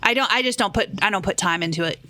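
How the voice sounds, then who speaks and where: A woman's voice: mid-range voice, fast, sharp tone, no room sound. A woman co-hosting a casual podcast, an audiobook narrator who speaks in a wry, outspoken way. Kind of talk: casual chat.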